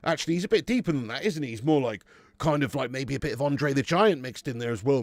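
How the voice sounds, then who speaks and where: A man's voice: medium pitch, animated, fast, no room sound. A man hosting a football watch-along stream, bantering with chat, swearing and laughing as he reads messages aloud. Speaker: livestream host.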